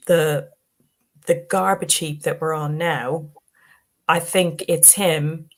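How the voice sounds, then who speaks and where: A woman talking on a fan panel in casual chat, halting with restarts and fillers, her voice worn tonight. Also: low voice. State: voice going tired. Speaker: podcast panelist.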